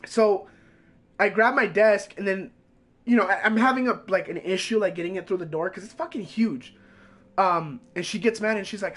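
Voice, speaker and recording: A streamer with a high male voice tells a story loosely, swearing constantly. His delivery is animated and rambling, packed with fillers. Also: brisk. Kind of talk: casual storytelling.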